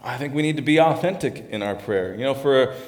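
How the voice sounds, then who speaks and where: A man's voice: mid-range voice, lively intonation, brisk. A man delivers a heartfelt sermon, circling back and repeating himself as he works through each thought. His voice sits in a middle register. The room around him rings with a noticeable echo. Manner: earnest, repeats and restarts phrases. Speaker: pastor. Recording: roomy echo.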